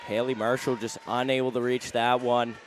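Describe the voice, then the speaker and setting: A man adds color commentary to a volleyball match, explaining plays and recapping the score. His voice sits at an ordinary middle pitch. Clear gym noise runs behind him. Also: little pitch movement, moderate pace. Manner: analytic, sums up runs and scores. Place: indoor gym.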